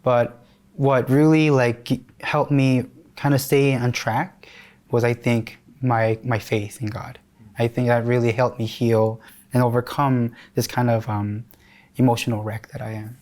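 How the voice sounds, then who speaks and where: A man's voice: medium pitch, darkish tone. A man in his thirties from New York, candidly and emotionally telling his life story in an interview, often restarting his sentences.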